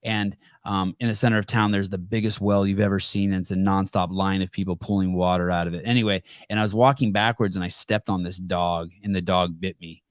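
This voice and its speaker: Blunt, low-voiced male podcast host. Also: steady tone, fairly quick, hardly any pauses, no room sound, clean studio sound. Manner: blunt storyteller with profanity. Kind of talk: casual call-in show chat.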